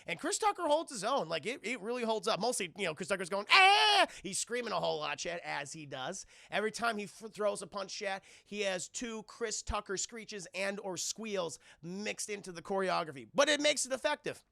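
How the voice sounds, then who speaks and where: A man streamer giving a casual film review to his live chat, retelling scenes in a profane, animated way. His voice is high and heavily gravelly with a bright edge. The sound is dry and close. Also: a little fast, hardly any pauses, dry recording.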